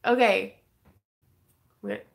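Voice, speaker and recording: A woman's voice: medium pitch, steady tone, drawn-out words, creaky. A young woman hosting a casual craft livestream, reading viewer comments and chatting with giggles and fillers. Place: home craft room.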